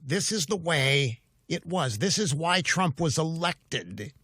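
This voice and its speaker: Emphatic older talk radio host, bright voice. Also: male voice, a little high, lively intonation, takes it slowly, no echo, studio quality. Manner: emphatic, combative, rhetorical questions. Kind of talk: political talk radio monologue. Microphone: studio mic.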